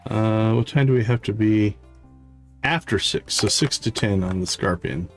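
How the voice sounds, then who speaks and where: A man hosting a livestream, chatting casually with fillers and quick asides as he plays. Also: fairly low pitch. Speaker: livestream host. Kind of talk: casual game commentary. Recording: faint game music behind.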